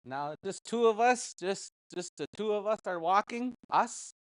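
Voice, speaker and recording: A man's voice: high voice, lively intonation, a little slow, smooth, dry recording. A man teaching a casual language class, patiently repeating words and chuckling often.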